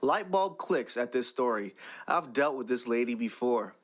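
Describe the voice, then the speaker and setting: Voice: medium pitch, lively intonation, normal speed. A story narrator reading online posts aloud in a wry, exasperated tone.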